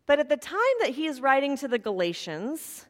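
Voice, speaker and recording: A woman preaching in a church, telling stories in a relaxed, conversational way with playful asides. Her voice sits somewhat high. Each phrase trails off into the long reverb of a large sanctuary. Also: brisk. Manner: warm, conversational storytelling with asides. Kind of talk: sermon with storytelling.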